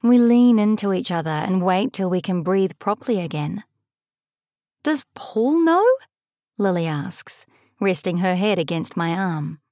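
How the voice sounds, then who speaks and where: A young adult woman reading a first-person audiobook, measured and lightly expressive, on a close studio mic. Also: on the low side, dry recording. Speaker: audiobook narrator.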